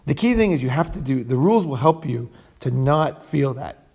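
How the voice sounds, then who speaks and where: Blunt rambling man, dark mellow voice. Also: medium pitch, lively intonation, moderate pace, vocal fry, husky. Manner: blunt, rambling, with restarts and swearing. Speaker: host. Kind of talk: casual podcast chat.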